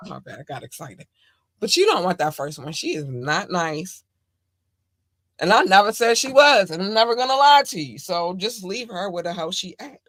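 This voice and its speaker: Podcast host, woman, lively and bright, blunt and profane, dry close sound. Animated, emphatic delivery. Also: fairly low pitch, moderate pace, dry recording. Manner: animated and emphatic, with sudden loud outbursts. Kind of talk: casual chat.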